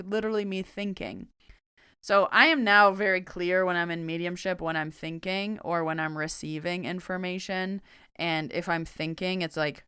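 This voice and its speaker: A woman's voice: lowish voice, fairly bright tone, clean tone, no echo, clean studio sound. A young adult woman hosting a podcast, telling a story in a casual, chatty way and acting out quoted dialogue. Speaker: podcast host and medium.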